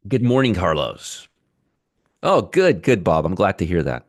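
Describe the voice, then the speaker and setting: This middle-aged host of a live stock market stream is talkative, reads out viewers' comments, and jokes at his audience's expense. His low voice has big pitch swings at a measured pace, with no room sound.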